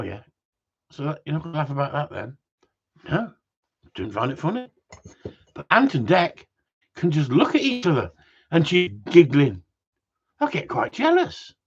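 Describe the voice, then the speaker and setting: A man's voice: a little high, slightly rough. A man hosting a casual live stream about gundogs, bantering, swearing and reading out viewer messages. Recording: dull lo-fi sound.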